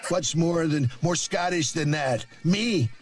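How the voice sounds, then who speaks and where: A boastful older politician, rambling and self-praising in quick asides, pitched a little high, as a man puts him on. Faint music plays underneath the clip.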